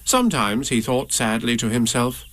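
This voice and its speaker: A man reading a children's story aloud in a gentle, measured storytelling manner. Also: medium pitch, lively intonation. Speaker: narrator.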